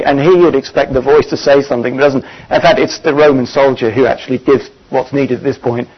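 A man's voice: medium pitch, steady tone, husky. Earnest preacher man, muffled recording. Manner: earnest, pausing with frequent "uh" fillers. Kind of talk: sermon. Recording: dull lo-fi recording.

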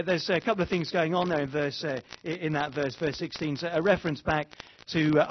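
A man preaching a sermon, rising to fervent pleas and dropping to hushed tones. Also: fairly high pitch, muffled recording, a little hiss or hum. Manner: impassioned, rises to fervent pleas then drops to hushed tones.

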